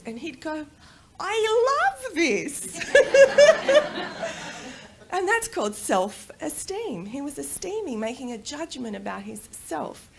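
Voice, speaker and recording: Animated woman giving a conference talk. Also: fairly high pitch, slight background noise. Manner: animated, slows down to stress key phrases. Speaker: conference speaker. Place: conference stage.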